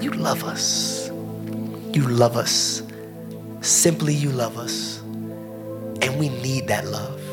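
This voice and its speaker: A man preaching a sermon as pastor, building rhythmic repeated phrases and dropping soft and low for emphasis.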